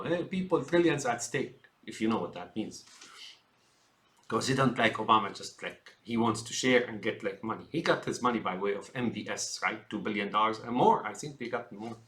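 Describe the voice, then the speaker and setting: Man, political rant, bright forceful tone, lowish pitch, rambling with lots of uh. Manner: rambling, many fillers, addresses listeners as folks; acts out quoted politicians in mocking voices. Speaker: political ranter.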